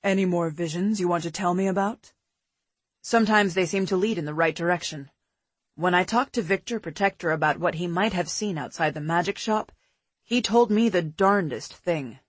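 A woman narrator voicing a calm, caring adult man in an audiobook, speaking steadily and methodically. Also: fairly low pitch, moderate pace, breathy edge, dry recording, pitched below the performer's own voice. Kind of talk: audiobook character voice.

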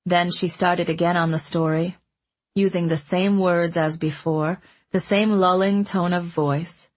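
A woman reading a story aloud as an audiobook narrator, in a calm, even manner. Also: fairly low pitch, a little slow. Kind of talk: scripted narration.

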